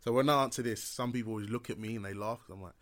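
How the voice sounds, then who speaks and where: Fast-talking laid-back man. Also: fairly low pitch, a bit bright. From England. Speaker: podcast co-host. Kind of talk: casual chat.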